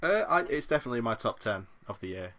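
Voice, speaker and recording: A man's voice: mid-range voice, sing-song, fast, fairly bright tone. A man in a casual podcast chat, giving brief, agreeable replies.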